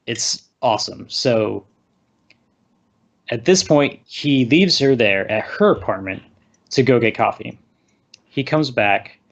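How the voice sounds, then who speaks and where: Casting: male co-host, casual rambling film recap, slightly muffled audio. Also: mid-range voice. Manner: rambling recap, acts out quotes. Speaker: podcast co-host. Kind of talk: casual movie discussion.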